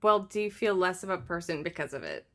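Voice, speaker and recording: A woman's voice: lowish voice, animated, fast talker, fairly bright tone. A woman co-hosting a casual podcast chat who teases boldly and laughs often. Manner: laughing, teasing, bold. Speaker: podcast co-host.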